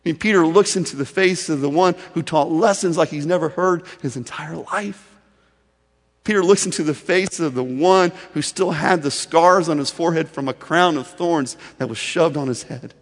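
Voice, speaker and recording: A male pastor preaching a sermon in a storytelling way, swinging from loud emphasis to soft, intimate delivery. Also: fairly high pitch, moderate pace, long reverb tail.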